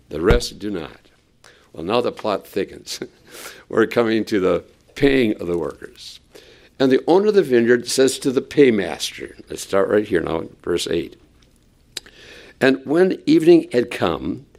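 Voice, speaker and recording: A male preacher delivering a sermon, telling the story with animated flair. His voice is gravelly, and his pitch moves a lot between phrases. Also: normal speed. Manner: animated storytelling, acts out quotes.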